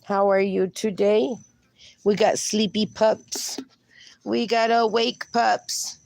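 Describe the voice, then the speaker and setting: A woman's voice: mid-range voice, fairly even intonation, takes it slowly, creaky, darkish tone, dry recording. A woman hosting a casual live stream outdoors with her dogs, chatting and reading viewer comments aloud, slipping into baby talk for her pups. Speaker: livestream host.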